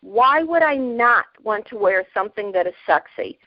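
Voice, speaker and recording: A woman in her fifties, a podcast guest, telling stories in a lively, plainspoken way, often breaking into laughter. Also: mid-range voice, moderate pace, no echo, dull audio. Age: 50s. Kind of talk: casual storytelling.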